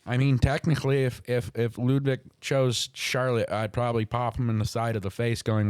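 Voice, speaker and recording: A man's voice: medium pitch, little pitch movement, moderate pace, few pauses, a little mellow, clear, resonant tone, no echo. A man hosting a talk show, ranting in a heated, profane way about a wrestling feud. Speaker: podcast host. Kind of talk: heated wrestling commentary chat.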